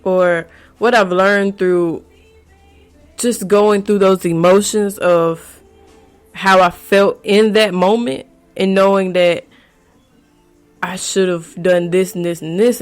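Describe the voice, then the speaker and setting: A woman talks slowly and deliberately, working through her thoughts aloud with restarts and blunt swearing. It sounds like a casual advice monologue. Soft music plays faintly behind her. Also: fairly low pitch, fairly even intonation. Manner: candid and profane, rambling with restarts. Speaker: podcast host.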